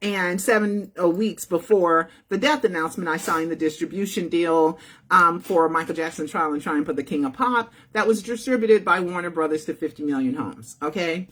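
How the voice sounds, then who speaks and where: A woman's voice: lowish voice, moderate pace, fairly bright tone. A woman telling a story to her viewers in a casual, chatty way, often checking in with "right?" and "okay?". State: feeling unwell.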